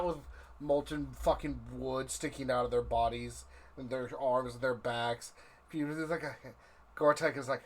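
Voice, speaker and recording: A man's voice: mid-range voice, steady tone. A man narrating as game master of a tabletop game, drawing out his descriptions. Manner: slow, drawn-out, vivid description.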